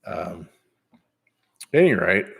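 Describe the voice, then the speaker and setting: A man's voice: deep voice, very animated, takes it slowly, gravelly, slightly rough. A man in his fifties chatting casually on his vlog in a rambling, easygoing way, with many fillers. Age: 50s. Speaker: channel host.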